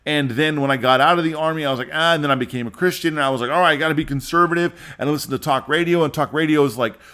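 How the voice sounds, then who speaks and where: A man's voice: on the high side, very fast, a bit bright. A man in his forties hosting a solo podcast, talking earnestly into a microphone, rambling and repeating himself. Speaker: podcast host. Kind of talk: casual solo podcast monologue.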